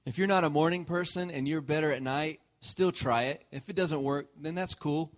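A man's voice: a little high, normal speed. A male pastor preaching a conversational sermon, joking and checking in with the congregation.

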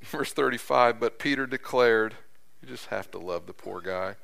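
Bright-voiced conversational preacher man. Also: medium pitch, moderate pace, gravelly. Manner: conversational, repeats phrases for emphasis. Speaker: pastor. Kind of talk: sermon.

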